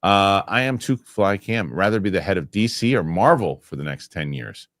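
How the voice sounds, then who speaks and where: Man, low voice, show host, reading viewer comments, rambling, gets worked up, dry sound. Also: animated, moderate pace, fairly bright tone, dry recording. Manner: rambling, self-correcting, gets worked up over pet peeves.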